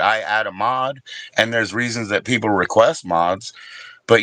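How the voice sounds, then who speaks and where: Man, middle-aged, deep voice, rambling, profane, livestream host. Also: fairly even intonation, brisk, bright, forceful tone, dry recording, rough recording. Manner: rambling, profane, talks to chat viewers. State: briefly emotional, teary. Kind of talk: casual livestream chat.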